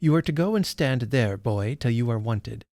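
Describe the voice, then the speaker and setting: A woman's voice: very deep voice, lively intonation, normal speed, mellow, dry recording, clean studio sound. A man voicing a haughty, disdainful young woman in a read-aloud of a classic novel, speaking coldly and cuttingly. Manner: cold and cutting.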